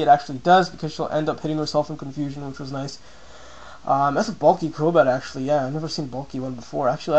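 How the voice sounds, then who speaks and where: A young man talks through a game battle he played, in loose, casual commentary. His voice sits a little high for a man, and he keeps jumping up into excited, squeaky asides when he quotes his own reactions. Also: poor audio.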